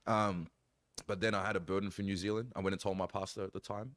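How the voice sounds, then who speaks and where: A man, a pastor, telling his story in casual chat, animated, acting out quoted lines with big jumps in voice. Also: deep voice, rapid-fire, dry recording, clean studio sound.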